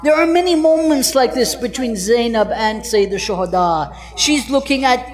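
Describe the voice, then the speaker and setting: A woman telling a mournful religious story as a sermon, with an emotional delivery that moves between raised and hushed tones. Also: fairly high pitch, lively intonation, normal speed. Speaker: religious speaker at a mourning gathering. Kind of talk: lamenting sermon narration.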